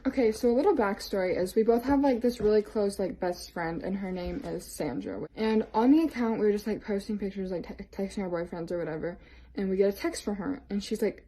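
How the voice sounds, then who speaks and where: A woman's voice: medium pitch, brisk, dark tone, poor audio. A young woman telling a casual story time, rambling and full of fillers. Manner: filler-heavy, lots of "like".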